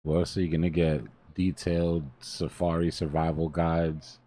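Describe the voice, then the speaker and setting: A man's voice: sits low, flat delivery, moderate pace, mellow. A man hosting a livestream casually, plugging likes in an easygoing way.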